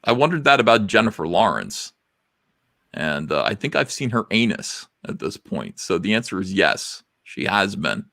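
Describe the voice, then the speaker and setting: Man, low voice, very animated, crude self-mocking rambling, dry close sound. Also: normal speed, vocal fry, no room sound. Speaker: podcast host. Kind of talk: casual livestream chat.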